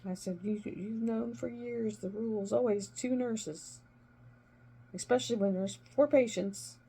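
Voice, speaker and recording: A middle-aged woman and former nurse chatting casually while she crafts, retelling conversations with emphatic, animated delivery. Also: a little high, a little slow, creaky, slightly rough.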